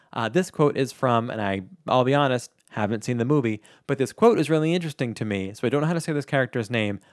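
Chatty and self-deprecating, a podcast co-host wraps up the show with casual talk and plugs. The clean studio recording of his mid-range voice has no room sound.

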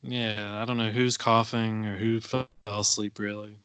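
Podcast co-host, male, laid-back joker; bright tone, dry close sound. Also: on the low side, little pitch movement, measured pace, smooth, no room sound. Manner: laid-back, laughs often, reads silly limericks. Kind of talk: casual chat.

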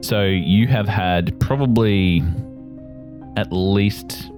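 A man narrating a tabletop game as game master in a relaxed, descriptive way. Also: fairly low pitch, extremely slow, over music.

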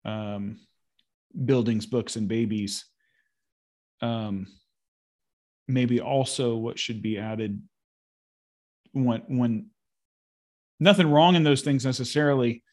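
Mid-pitched male co-host, conversational and reflective, working his ideas out aloud. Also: takes it slowly, pauses often, a little mellow. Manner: thinks aloud, repeats words, laughs. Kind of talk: casual conversation about ministry.

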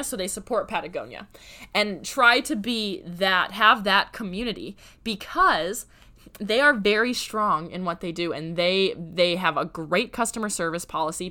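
A woman podcast host with a raspy, hoarse voice, giving energetic, direct business advice and repeating points for emphasis. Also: medium pitch. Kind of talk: solo podcast, upbeat motivational talk.

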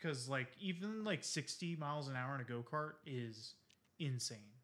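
A woman's voice: a bass voice, moderate pace, a bit bright. A woman co-hosting a podcast, chiming in casually. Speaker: podcast co-host. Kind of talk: casual chat.

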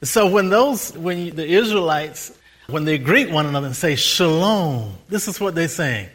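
Bright-voiced male pastor preaching. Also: on the high side, lively intonation. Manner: rhythmic repetition, slows for emphasis, laughs at own stories. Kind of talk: sermon.

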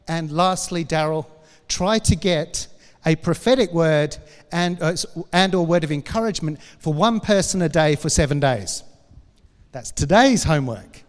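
Casting: higher-voiced man, church class teacher, playful and chatty, big hall reverb. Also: unhurried, long pauses. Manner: playful, joking, chatty with audience.

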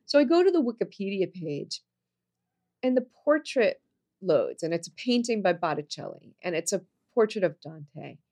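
A woman telling a personal story in conversation, earnest, going soft and low on serious moments and jumping high when she quotes people. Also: normal speed. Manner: animated, jumps high when quoting people.

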